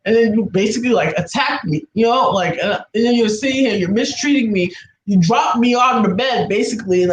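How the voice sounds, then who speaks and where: A woman recounts a distressing experience in a casual, halting way, circling back over the same points with raw emotion. Her voice carries a roomy echo, with faint ambient noise behind it. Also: medium pitch, expressive. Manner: emotional, repetitive, halting retelling. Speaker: guest. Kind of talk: casual personal storytelling.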